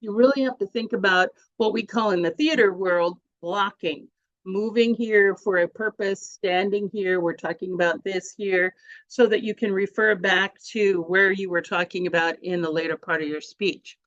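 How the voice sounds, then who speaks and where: A woman leads a storytelling workshop in a chatty, animated way, often stopping to restart a sentence. Her voice sits at an ordinary middle pitch. The sound is dry and a little dull, like audio from a video call. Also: moderate pace, no echo. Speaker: workshop presenter.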